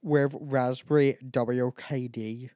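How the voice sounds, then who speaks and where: Slow and mellow, a medium-pitched male voice with a steady tone comes through with no echo. The tipsy podcast host rambles and swears through a casual drunk chat ranking canned cocktails, often laughing at himself.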